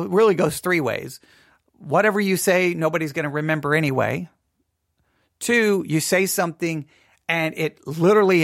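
A pastor speaks in an earnest, halting way, circling back and repeating words as he gathers his thoughts. His voice sits a little high for a man, with a gravelly fry running through it. The recording is close and dry, with almost no room sound. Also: fairly bright tone, no room sound. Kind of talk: personal podcast monologue.

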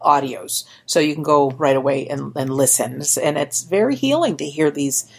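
A woman's voice: deep voice, normal speed, vocal fry, breathy edge. A woman hosting a podcast interview, encouraging her guest and steering the conversation. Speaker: podcast host.

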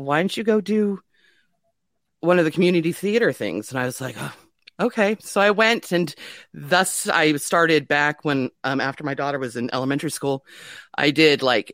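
A woman's voice: low-pitched, fairly bright tone, no echo. Candid, self-mocking middle-aged woman. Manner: candid and self-mocking, laughs often, many fillers. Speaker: guest telling her life story. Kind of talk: candid conversational storytelling.

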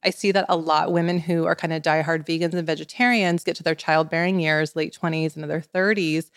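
A woman's voice: low voice, fairly quick, clear, resonant tone, dry recording, clean studio sound. A woman in her forties, a wellness expert guest, telling stories in casual podcast chat with lots of "like" fillers. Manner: animated storyteller, many "like" fillers.

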